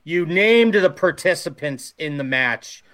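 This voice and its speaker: A man co-hosting a casual chat, calmly prompting and reading out facts. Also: fairly high pitch, measured pace. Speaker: co-host.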